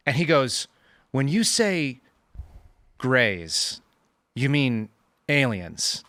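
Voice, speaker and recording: A man's voice: medium pitch, drawn-out words, no room sound. A man, a former federal agent, telling a story as a guest on a casual panel show and acting out the dialogue. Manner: animated anecdote teller, acts out dialogue.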